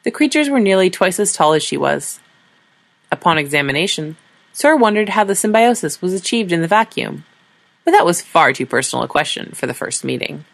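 A woman's voice: fairly low pitch, big pitch swings, a little fast, creaky. A woman narrating a science fiction story in a dry, wry storytelling manner.

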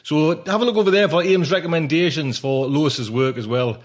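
A man's voice: a little high, brisk. A man hosts a podcast and chats casually between segments. He talks informally, rambling, with plenty of fillers. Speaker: podcast host. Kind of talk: casual chat.

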